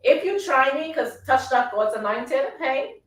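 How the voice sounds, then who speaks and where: A woman hosts a radio talk show in an emphatic, preachy way, driving her points home again and again. Her voice sits a little high. She sounds set back from the mic in a roomy, echoing space. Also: unhurried, distant mic. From Trinidad. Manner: emphatic, preachy, keeps asking "you understand?". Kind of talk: motivational casual talk.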